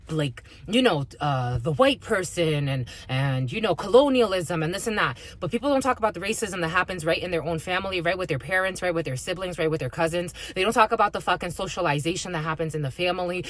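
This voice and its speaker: A woman's voice: lowish voice, fairly bright tone, slight background noise. A woman giving an intuitive spiritual reading to her viewers, blunt and heavily profane as she rants. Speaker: spiritual reader.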